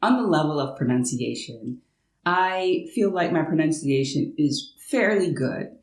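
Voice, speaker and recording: An American woman, a language-learning vlogger, chats casually to camera from her home in France, explaining things with playful asides. Her voice is low-pitched, expressive and unhurried. The audio is poor, with a roomy sound.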